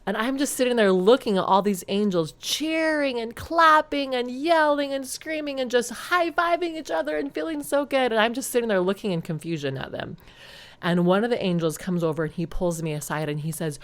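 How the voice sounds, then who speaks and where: A woman hosting a podcast, telling a personal story in an earnest, reflective way that turns animated at times. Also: medium pitch, normal speed. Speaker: podcast host.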